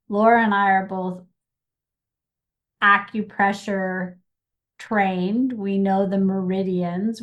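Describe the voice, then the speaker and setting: A middle-aged woman co-hosting a podcast in casual chat, animated, acting out little quotes as she talks. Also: mid-range voice. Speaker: podcast co-host.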